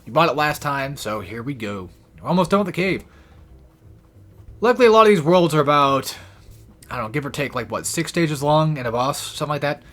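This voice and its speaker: Man, gameplay commentary, casual and profane, lively pitch, slightly out of breath. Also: fairly quick, soft background music. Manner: rambling, profane, self-deprecating. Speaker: let's play gamer.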